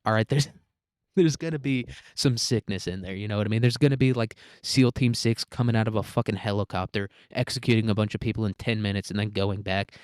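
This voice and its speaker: Young man, casual profane host type, low-pitched, dry, loose and rambling. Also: darkish tone, smooth, no echo. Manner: rambling, crude, laughs often, lots of "like" and "dude". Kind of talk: casual profane ranking chat.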